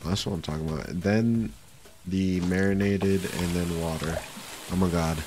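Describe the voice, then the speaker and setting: A man's voice: low-pitched, steady tone, normal speed, a little mellow. A young man giving casual let's-play commentary, talking to himself and swearing now and then. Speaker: gaming streamer. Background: faint game music.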